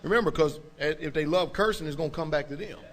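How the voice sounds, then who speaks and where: A man's voice: a little high, fast, fairly bright tone, soft background music. A man, a pastor, preaching a sermon in an emphatic, colloquial way and checking in often with his congregation. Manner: colloquial, informal speech.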